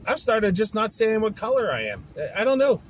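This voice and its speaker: A man's voice: sits high, sing-song, brisk, slight background noise, poor audio. A man hosting his own podcast, venting in a frustrated, profane casual rant. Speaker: podcast host. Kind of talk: casual ranting monologue.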